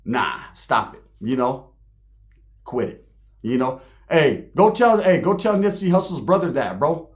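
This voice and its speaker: A man's voice: medium pitch, big pitch swings, unhurried. A man hosting his online show, ranting straight at the camera in profane, slangy street talk. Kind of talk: heated direct-to-camera rant.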